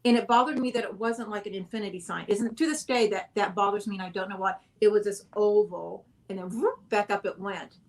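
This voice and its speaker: A woman's voice: medium pitch, fairly even intonation, fairly quick, hardly any pauses. Rambling woman telling a story. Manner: rambling, self-correcting, laughs often. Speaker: guest. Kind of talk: casual interview storytelling.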